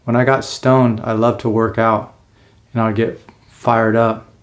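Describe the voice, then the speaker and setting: In a fairly low, flat, unhurried voice, a man in his forties tells his own life story. He's casual and earnest, and now and then he acts out the lines he said back then.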